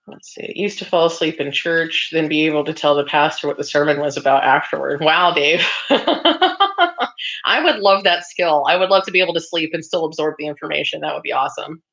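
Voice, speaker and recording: A woman speaks briskly in a low-pitched, fairly bright voice while hosting a casual craft stream. Chatty and quick to laugh, she reads and answers viewer comments with plenty of ums, over slightly dull lo-fi audio.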